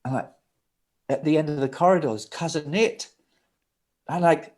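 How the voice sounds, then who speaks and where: A man's voice: fairly high pitch, moderate pace, pauses often, a little mellow. Rambling middle-aged male storyteller. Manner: rambling, vivid storytelling with acted-out quotes. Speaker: guest, record producer. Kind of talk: animated anecdote in a sit-down interview.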